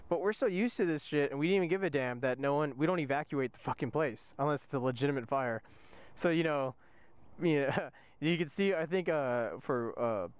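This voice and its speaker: A man's voice: fairly high pitch, smooth. A young man, a soldier, casually telling a rambling, profane story from inside a vehicle, laughing often. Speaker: soldier vlogger.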